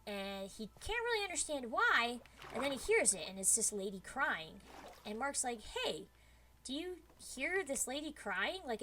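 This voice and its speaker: A woman streamer telling a spooky story to her chat in a casual, lively way, with many "like" fillers as she builds suspense. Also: fairly high pitch.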